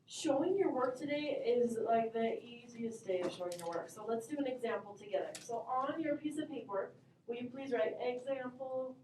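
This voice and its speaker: A woman teaching math to a classroom in a high, bright voice, upbeat and encouraging as she calls on students. She sounds far from the mic, her voice bouncing around an echoey room with faint class murmur behind her. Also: normal speed, slight background noise.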